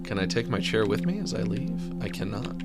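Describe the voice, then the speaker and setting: A man's voice: fairly low pitch, sing-song, brisk. A man streaming a game, rambling and joking as he talks to himself and to his chat. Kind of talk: casual live-stream commentary. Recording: game music behind the voice. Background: game music.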